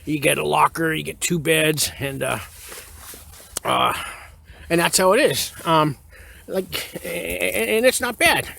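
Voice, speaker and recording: A man's voice: a little high, a little slow, creaky, long pauses, pushed and bright. A man who served time in prison, casually telling his story to camera in a frank, rambling way, with many fillers and restarts. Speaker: former inmate giving prison advice.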